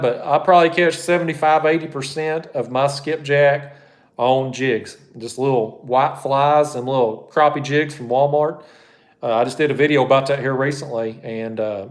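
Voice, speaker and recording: A man works through viewer questions on a live stream. He talks bluntly and folksily, wandering off on asides. His voice sits at an ordinary middle pitch. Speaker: fishing channel host.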